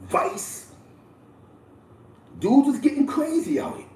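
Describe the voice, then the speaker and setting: A man hosting casual street storytelling, talking loosely with slang, repeats and frequent shout-outs. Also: very high-pitched, sing-song, takes it slowly, distant mic. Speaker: host. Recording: echoey room, voice a bit off-mic.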